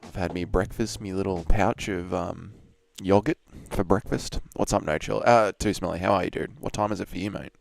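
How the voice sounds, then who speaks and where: A young Australian man hosts a live watch-along, talking casually to his viewers, swearing and laughing between remarks. His voice sits low and has a gravelly fry. He sounds worn out from an early start. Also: fairly even intonation, normal speed, few pauses, faint music behind. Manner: loose and swearing, chatting with viewers and laughing often. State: tired from an early wake-up. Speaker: streamer hosting a live fight watch-along. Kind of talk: casual live-stream chat.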